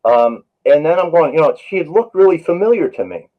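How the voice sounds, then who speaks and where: A man's voice: a little high, expressive, a little fast, narrow, tinny audio. A man, a paramedic, telling stories from the job in an interview, earnest and full of "you know" fillers. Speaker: paramedic and author, interview guest. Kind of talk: storytelling in a podcast interview.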